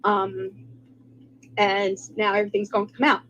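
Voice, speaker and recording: A woman's voice: mid-range voice, little pitch movement, moderate pace, a bit bright, muffled recording, a little hiss or hum. A woman defending herself with hesitant ums in a casual video call chat.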